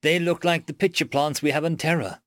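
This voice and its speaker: A man voicing an unflappable woman doctor who speaks calmly and matter-of-factly. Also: on the high side, fairly quick, dry recording, clean studio sound, pitched above the performer's own voice, natural voice. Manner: calm, matter-of-fact.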